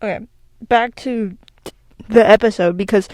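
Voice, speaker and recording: A woman's voice: medium pitch, a little slow. Giggly rambling young woman. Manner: rambling, giggly, self-interrupting. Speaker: video creator. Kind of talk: casual solo commentary. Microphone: desk microphone with echo filter.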